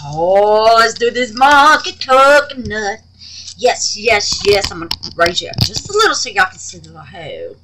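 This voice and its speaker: A woman's voice: fairly high pitch, bright, forceful tone. A woman chatting to her viewers about her resin crafts, calling them babies and honey. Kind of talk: casual chat to viewers. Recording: noisy home recording.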